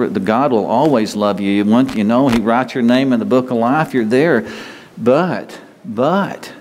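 A man's voice: medium pitch, darkish tone, long reverb tail. A man pastor preaching a sermon in an earnest, conversational way, often repeating and restarting his words.

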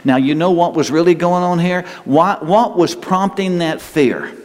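A man preaching a sermon in a conversational way, asking his listeners questions and leaving pauses. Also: on the high side. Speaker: pastor. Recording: long hall reverb.

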